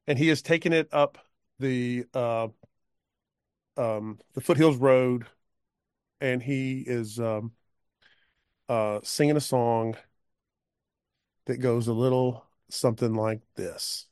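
A man's voice: medium pitch, steady tone, takes it slowly, pauses often, darkish tone, clear, resonant tone, no echo, studio quality. A man playing a tabletop role-playing game, talking casually and hesitantly. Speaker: player.

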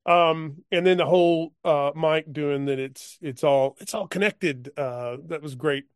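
A man in a casual chat about a game session, talking haltingly with many fillers. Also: fairly high pitch, animated, fairly bright tone, clear, resonant tone, dry recording, studio quality. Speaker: player.

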